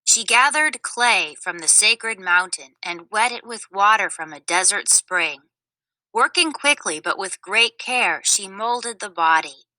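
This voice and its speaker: Slow, bright woman reading a storybook. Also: medium pitch, no echo, poor audio. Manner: clear, expressive read-aloud. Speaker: storybook narrator. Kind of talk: reading a children's story aloud.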